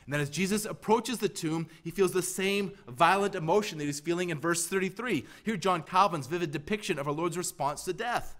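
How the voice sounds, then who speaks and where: A man preaching a sermon as pastor, emphatic, pressing repeated questions and swinging from loud to hushed. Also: high-pitched, fairly quick, few pauses.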